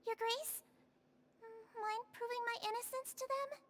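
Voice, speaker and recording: Brief: very high, earnest young game heroine, played back on a live stream. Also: female voice, fairly even intonation, measured pace, a crowd in the background. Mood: wry. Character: earnest young woman character defending herself. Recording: game audio under a stream.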